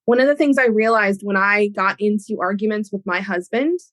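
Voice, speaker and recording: A woman hosting an educational podcast, explaining ideas in an animated way with everyday examples. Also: mid-range voice, brisk, dry recording. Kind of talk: teaching talk on a podcast.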